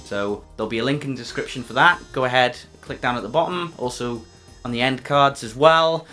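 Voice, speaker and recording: Bright-voiced man making wry self-mocking asides. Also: medium pitch, a little fast, soft background music. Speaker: youtuber reacting to his old video. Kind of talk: casual reaction commentary.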